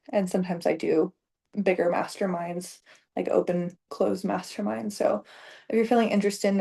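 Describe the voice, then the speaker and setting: A woman's voice: on the low side, vocal fry, a little mellow. A woman in her thirties, a business coach, talking casually to camera with lots of fillers and heartfelt gushing. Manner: chatty, filler-heavy, emotional and gushing. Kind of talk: casual direct-to-camera talk.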